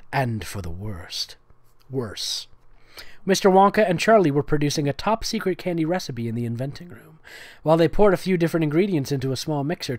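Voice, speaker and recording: Comedic reader, sarcastic, mocking asides, very lively pitch, dry close mic. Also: no room sound. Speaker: comedic reader of fan fiction. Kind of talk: comedic reading with sarcastic commentary.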